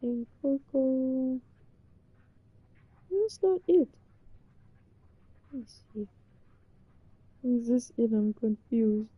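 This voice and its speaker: Excitable high-voiced young woman streamer. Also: extremely slow, long pauses, husky, no echo, highs cut off. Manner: gasping, laughing, excitable. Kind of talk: excited reaction commentary.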